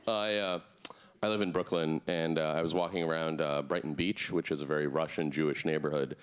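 A man in his thirties doing a deadpan, absurd stand-up routine on a club stage, jumping up into a high voice for the people he quotes. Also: a little fast, clear, resonant tone. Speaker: stand-up comedian. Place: comedy club stage before a live audience.

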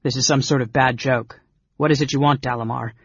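A male narrator voicing an angry, desperate half-elf father, raised and raw, shouting and pleading. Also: medium pitch, steady tone, a little fast, slightly rough, dry recording. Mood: strained. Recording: dull lo-fi audiobook recording.

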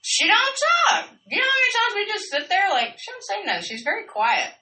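A woman, co-hosting a casual family radio chat, loud, foul-mouthed and joking. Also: very high voice, big pitch swings, fast. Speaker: radio show co-host. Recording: echoey room, mic at a distance.

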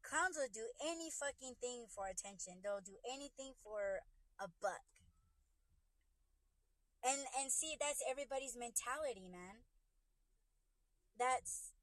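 A woman's voice: on the high side, expressive, a little slow, pauses often, a bit bright, dry recording. A woman podcast host ranting casually on a livestream, speaking into a phone from her car. She talks bluntly and profanely, and she often restarts her sentences as she works herself up.

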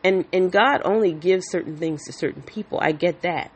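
A woman's voice: on the low side, normal speed, breathy edge. A woman talking frankly to the camera in a casual monologue, blunt and outspoken, now and then swearing, and acting out the people she quotes as she tells her story. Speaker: vlogger.

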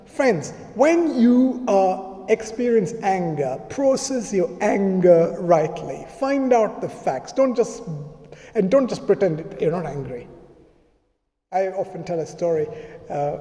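A man's voice: sits high, warm tone. A male pastor giving a sermon in a conversational way, often acting out what people said. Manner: conversational preaching, acting out quoted speech. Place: church. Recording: reverberant church hall.

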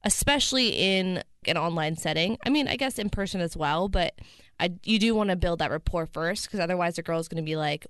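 A woman's voice: lowish voice, fairly quick, fairly bright tone, smooth, no echo, clean studio sound. Giggly young woman with a slight lisp. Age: 20s. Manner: giggly, playful and teasing. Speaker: podcast co-host. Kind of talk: casual chat.

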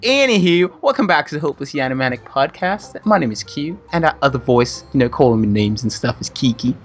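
Animated playful man co-hosting a podcast. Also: mid-range voice, brisk, soft background music. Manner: playful, teasing, laughs loudly. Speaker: podcast co-host. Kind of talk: casual podcast banter.

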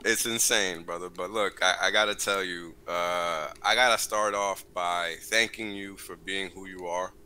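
A man joining a livestream as a guest, speaking earnestly and filling pauses with "um" and "right?". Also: low-pitched, steady tone, sharp tone, smooth, low-quality recording. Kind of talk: casual livestream chat.

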